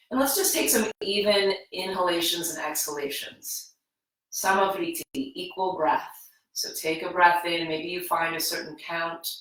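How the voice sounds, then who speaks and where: Woman, yoga teacher, slow soothing cues, lowish voice, distant mic in echoey room. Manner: slow, calm, soothing guidance. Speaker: yoga instructor. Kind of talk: guided yoga class. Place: home room.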